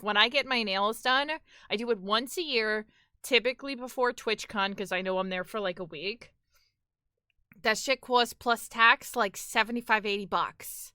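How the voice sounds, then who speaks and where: A chatty woman with a Brooklyn-flavored New York accent talks to her viewers on a live stream. Her voice is bright and sharp, and it sounds close and dry with no room around it. She rambles freely, peppering her talk with "like" and casual swearing. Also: medium pitch, clear, resonant tone, dry recording. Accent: New York, Brooklyn-tinged. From near New York City. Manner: chatty, animated, swears and says "like" a lot. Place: home.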